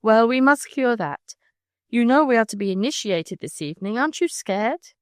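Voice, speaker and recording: A woman reading aloud as a lively, irreverent schoolgirl who talks briskly and teasingly. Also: a little high, no echo, clean studio sound, lightly acted.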